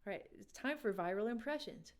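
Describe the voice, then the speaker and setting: A woman with a mid-range voice and lively intonation speaks briskly while hosting a live music quiz game. She's chatty and laughs often as she talks casually with her viewers.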